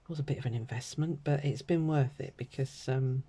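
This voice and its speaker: A middle-aged British woman with a croaky throat, chatting and rambling casually while she stamps and colours a card. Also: a bass voice, brisk, mellow. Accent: British English. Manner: chatty and rambling, many ums and asides. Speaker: craft vlogger.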